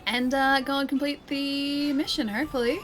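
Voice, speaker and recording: Young female streamer, higher voice, playful and laughing, talking to chat over a desk mic. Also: fairly even intonation, moderate pace, a bit bright, soft background music. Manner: giggly, teasing, chatty with her chat. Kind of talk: live-streamed gameplay chat.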